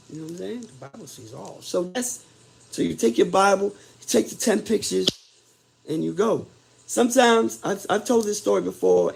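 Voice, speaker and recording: A man with a gravelly, husky voice telling a story in blunt, profane talk. He swings between quiet, subdued stretches and loud, heated bursts as the memories come back. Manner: swings from low and subdued to loud and worked up as he relives events. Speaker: host telling his own prison stories. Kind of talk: casual storytelling.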